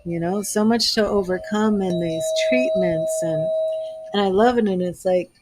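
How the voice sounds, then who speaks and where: A woman's voice: mid-range voice, moderate pace, music in the background. A woman giving a live tarot reading, talking earnestly and gushing with emotion, a little teary-eyed. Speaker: tarot reader.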